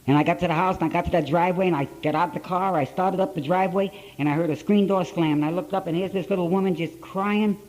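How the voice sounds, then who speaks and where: A man's voice: high voice, fairly even intonation, fast talker, hardly any pauses, darkish tone, poor audio. An older man with an Ohio accent telling a blunt, repetitive story to a conference audience. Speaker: speaker at a recovery conference. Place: conference hall, live talk to an audience.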